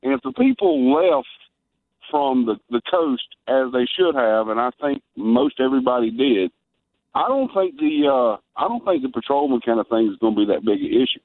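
A man's voice: mid-range voice, very animated, normal speed, dry recording. A man calling into a sports radio show, talking in a rambling, conversational way. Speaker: radio guest on the phone. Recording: tinny phone line.

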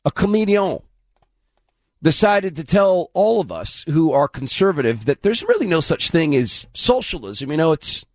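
A hoarse man runs his commentary show in a sarcastic, scornful tone, his voice lifted a bit high and swinging widely up and down. The sound is dry and close, with no room around him. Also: big pitch swings, normal speed, dry recording. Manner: mocking, scornful. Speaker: political commentary host.

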